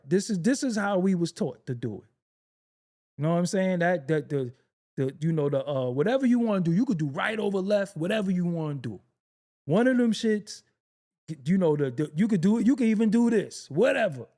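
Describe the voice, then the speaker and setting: A man's voice: sits high, sing-song, fairly quick, warm tone. A man hosting a casual reaction video, joking, laughing often and swearing freely as he comments on clips.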